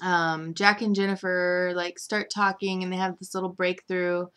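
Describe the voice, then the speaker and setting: Young woman host, bright tone, giggly casual recap chatter. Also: on the low side, flat delivery, normal speed, smooth. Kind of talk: casual chat.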